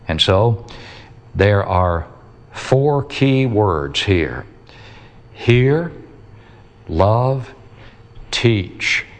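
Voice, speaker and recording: Low-voiced preacher man, emphatic. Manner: emphatic, rising on key words and dropping low at phrase ends. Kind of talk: sermon.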